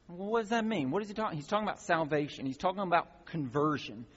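A man preaching a sermon, his voice slightly high and husky, earnest, with fillers and restarts, building into emphatic stretches. The sound is dull and lo-fi. A long reverb hangs after his words in a large sanctuary. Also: quick pace, hardly any pauses, fairly bright tone. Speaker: pastor.

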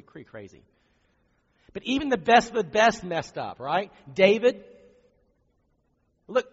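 A man preaching a conversational, animated sermon, often asking rhetorical questions. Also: fairly high pitch, husky. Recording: dull recording in a reverberant hall.

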